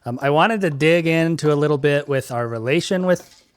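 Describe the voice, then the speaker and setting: A man's voice: a little high, moderate pace, clear, resonant tone, no echo, clean studio sound. A young man hosting a podcast, chatting casually and easily, with lots of "like" and "um". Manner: easygoing, heavy use of "like" and "um". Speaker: podcast host.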